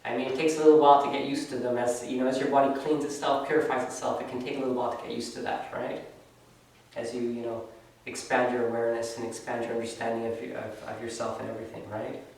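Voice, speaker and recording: A man's voice: mid-range voice, little pitch movement, fast talker, creaky, a little mellow, a little hiss or hum. A man teaching a yoga class in a loose, conversational way, often tagging his sentences with "right?". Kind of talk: casual spoken class instruction. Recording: very echoey room, voice from far off.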